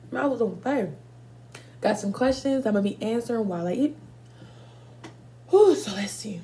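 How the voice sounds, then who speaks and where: A woman's voice: a little high, animated, normal speed, pauses often, warm tone. A woman in her twenties telling casual, profane stories while eating for a mukbang video, stopping now and then to react to spicy food. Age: 20s. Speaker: mukbang vlogger.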